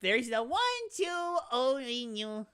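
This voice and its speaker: A woman's voice: fairly high pitch, animated, takes it slowly, a bit bright, clean tone. A woman streaming a video game, chatting casually and rambling in a self-mocking way as she reacts to chat. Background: game music.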